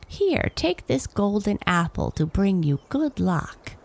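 A woman's voice: medium pitch, very animated, slow pace, creaky, darkish tone, pitched above the performer's own voice, exaggerated voice. A woman doing a kindly old hag. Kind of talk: storybook reading.

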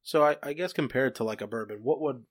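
Man guest, husky voice, quiet and tentative. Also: medium pitch, quick pace. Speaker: guest asking questions.

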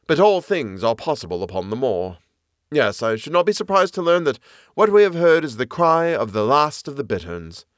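A man voicing an eager, knowledgeable naturalist man who explains the moor with lively enthusiasm. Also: mid-range voice, moderate pace, no room sound, studio quality, pitched above the performer's own voice, close to an everyday voice. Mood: lecturing.

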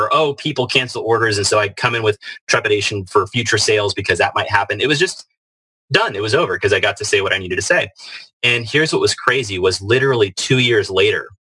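A man's voice: on the low side, pushed and bright, a little hiss or hum, low-quality recording. A man telling a personal story as a podcast guest, earnest and full of fillers and restarts. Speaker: guest, author.

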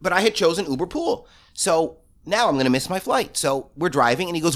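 A man guest on a podcast, talking loudly and quickly and acting out the people in his stories. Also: on the high side, animated. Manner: loud, fast, acts out voices in his stories. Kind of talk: animated storytelling.

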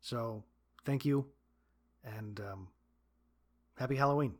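A man's voice: mid-range voice, slow pace, breathy edge. A man, a guest story reader, giving a casual, hesitant thank-you message with frequent ums.

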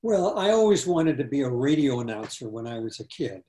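A man, a former TV executive and author, answering interview questions in a relaxed, anecdotal way. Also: mid-range voice, fairly quick, reverberant.

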